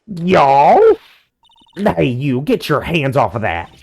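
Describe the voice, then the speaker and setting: A feisty young photographer woman with a thick American Southern drawl, put on by a man. She talks loud and sassy, pushing her lines with plenty of rise and fall. A game character read aloud over a faint tune. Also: fairly high pitch, sing-song, slow, creaky, faint music behind, voice pushed up, exaggerated voice.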